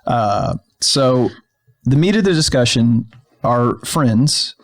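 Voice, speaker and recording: A man's voice: medium pitch, expressive, takes it slowly. Rambling podcast co-host man. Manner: rambling storyteller, many fillers and restarts. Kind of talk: casual chat. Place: filmed podcast studio.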